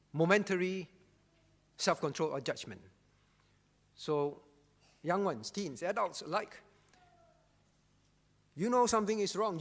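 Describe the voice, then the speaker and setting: A man's voice: sits high, fairly bright tone, in a large hall. A man preaching a sermon as pastor, emphatic and repetitive, checking in with the congregation with frequent rhetorical asides. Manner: emphatic, repeats key phrases, frequent rhetorical "all right?". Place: church.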